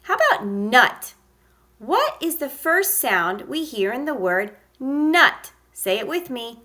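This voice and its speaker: A woman teaching a phonics lesson to young children, sounding out letters and praising slowly and encouragingly. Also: high-pitched, big pitch swings, pushed and bright. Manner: slow, encouraging, sounds out letters with exaggerated emphasis. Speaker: kindergarten teacher.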